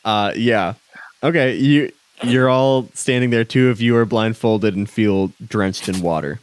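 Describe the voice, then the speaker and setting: A man narrating a tabletop game as game master, halting with many ums and restarts. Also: lowish voice, clean tone, no room sound.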